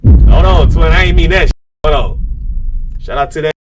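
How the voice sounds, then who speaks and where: A man's voice: fairly high pitch, moderate pace, background noise. A man streamer reacting live to videos, talking in a loose, slangy and profane way with frequent asides to his viewers.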